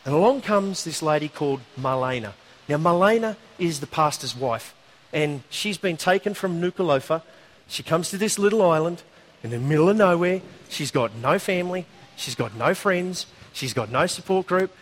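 A man preaching a sermon, telling a story in a conversational, animated way with asides. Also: fairly high pitch, normal speed.

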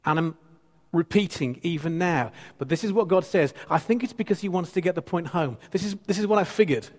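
A man's voice: a little high, fairly quick, in a large hall. A man in his fifties, a pastor preaching a sermon, playful and teasing with the congregation and repeating phrases for emphasis. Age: 50s.

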